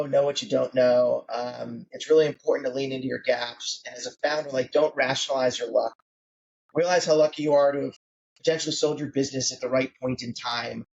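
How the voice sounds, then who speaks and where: A man's voice: medium pitch, vocal fry, a little mellow. Founder in his forties, dull audio. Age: 40s. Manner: conversational, uses many fillers like "like" and "um". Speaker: guest founder. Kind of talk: podcast interview.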